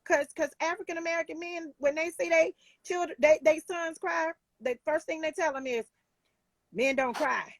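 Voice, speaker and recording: A woman's voice: very high voice, fairly even intonation, moderate pace, no echo. A woman life coach talking in a casual talk show, emphatic and heartfelt, with many restarts.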